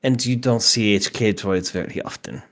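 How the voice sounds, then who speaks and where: A woman's voice: extremely low pitch, normal speed. A woman running a tabletop game as game master, teasing the players and laughing often.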